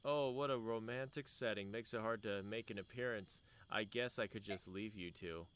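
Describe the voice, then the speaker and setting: A man's voice: on the low side, normal speed, a little hiss or hum, close to an everyday voice. A man voicing a sly, teasing male onlooker, reading the game lines aloud in a plain voice. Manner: reads the text aloud in a plain, even voice. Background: loud game music.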